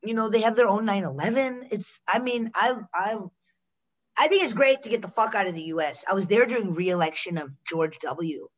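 A young woman from the United States, a comedian and actress, chatting casually on a podcast, animated and swearing, acting out quotes and laughing often. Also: medium pitch, fairly quick, dull audio.

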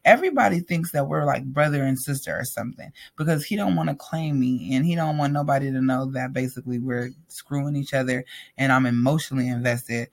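This man's mid-range voice moves briskly and carries some vocal fry. He recounts something from his own life candidly and with energy, talking right to his audience in a relaxed way.

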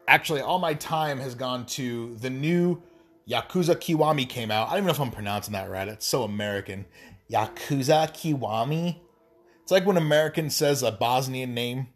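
A man's voice: medium pitch, normal speed. Profane, rambling male gaming vlogger. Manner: profane, rambling, wry asides. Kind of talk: casual rambling monologue.

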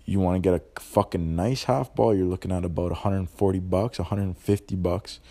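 A man's voice: low voice, moderate pace. A young man hosting a podcast, ranting bluntly in profane street slang. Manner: animated, ranting. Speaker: podcast host. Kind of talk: casual monologue.

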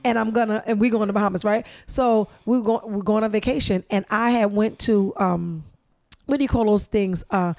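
Animated, gravelly middle-aged New woman. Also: medium pitch, normal speed. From New York. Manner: animated storyteller, bursts into loud exclamations and laughter. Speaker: podcast co-host. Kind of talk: casual chat.

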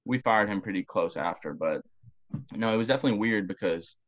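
A young man, a former college football player, telling long rambling stories in casual podcast talk, profane and animated. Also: on the low side, a little fast, lo-fi sound. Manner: rambling, profane, animated storytelling with voiced quotes.

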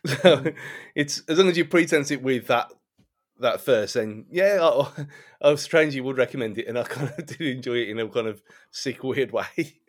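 A man's voice: mid-range voice, moderate pace. A man co-hosting a casual film review podcast, loose and chatty, laughing often as he talks. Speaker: podcast co-host.

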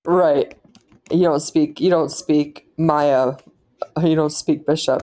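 A woman's voice: low-pitched, steady tone, slow, warm tone. A woman co-hosting a podcast in casual chat, retelling scenes in a rambling, loosely strung way. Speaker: podcast co-host. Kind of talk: casual chat reviewing a TV episode.

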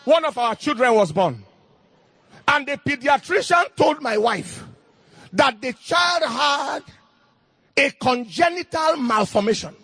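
A middle-aged man preaching a fervent sermon in King James cadence, rising into shouted bursts. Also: extremely high pitch, sing-song, slow, long pauses, no room sound.

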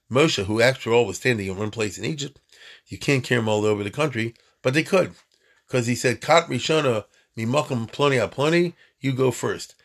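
Male rabbi, gravelly, casual animated teaching, acts out shouting crowds. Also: mid-range voice. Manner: animated, acts out voices, laughs at own jokes. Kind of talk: informal Torah talk.

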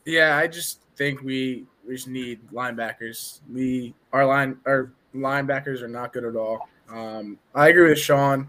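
A man's voice: medium pitch, unhurried, hardly any pauses, sharp tone. A man in a casual sports podcast chat, hesitant with many fillers.

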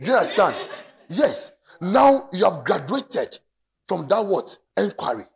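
A man with a Ghanaian English accent preaching a sermon to a congregation in a church, with an animated, sing-song delivery. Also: high voice, measured pace, gravelly. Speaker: pastor.

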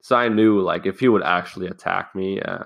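A man's voice: low voice, fairly quick, gravelly, a bit bright. Rambling young man telling a story. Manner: rambling, swears freely, acts out quoted lines. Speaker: podcast host. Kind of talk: casual storytelling monologue.

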